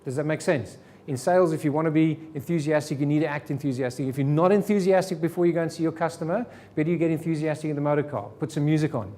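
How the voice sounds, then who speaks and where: Man giving an animated sales seminar. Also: on the high side, fast talker, few pauses. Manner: animated, rhetorical questions to the room. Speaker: sales trainer. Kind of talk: live seminar talk to an audience. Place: meeting room with audience.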